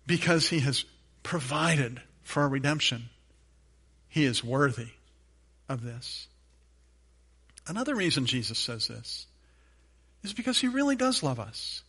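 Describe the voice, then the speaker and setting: Bright-voiced man preaching a sermon. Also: on the high side. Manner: emphatic preaching with repeated phrases; asides with light humor to the congregation. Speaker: pastor.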